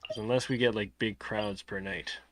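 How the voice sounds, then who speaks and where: A man chatting casually on a live game stream, drowsy and soft-spoken, often trailing off and mumbling. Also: fairly low pitch, fairly even intonation, normal speed. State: sleepy. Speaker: livestreamer.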